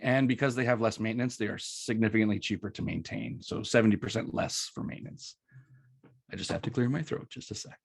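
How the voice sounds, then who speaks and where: Presenter, male, middle-aged, lowish voice, relaxed chatty delivery, dry close sound. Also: a little fast, gravelly, breathy edge, no echo. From Canada. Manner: chatty, anecdotal, many ums and rights. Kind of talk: casual presentation talk.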